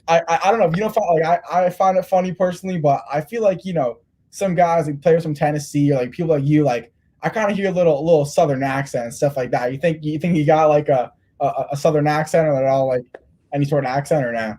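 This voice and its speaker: A man's voice: on the high side, quick pace, dark tone. A man interviewing a young player, rambling with lots of restarts. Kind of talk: casual interview.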